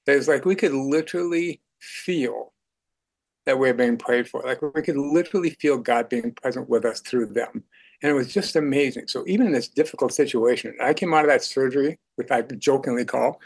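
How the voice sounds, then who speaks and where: An older man speaking as a radio guest in an earnest faith conversation, chuckling now and then. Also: medium pitch.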